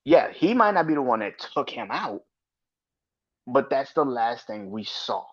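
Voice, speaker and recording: A man's voice: medium pitch, sing-song, unhurried, a bit bright. A man hosting a podcast, ranting bluntly and profanely about wrestling in casual, opinionated commentary. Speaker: podcast host. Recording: slightly dull lo-fi audio.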